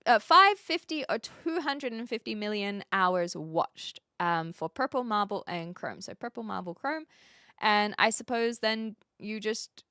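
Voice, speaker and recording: A woman's voice: mid-range voice, sharp tone, no room sound, studio quality. A woman with a New Zealand accent, chatting on a live stream, reading out viewer questions and rambling with lots of fillers and restarts.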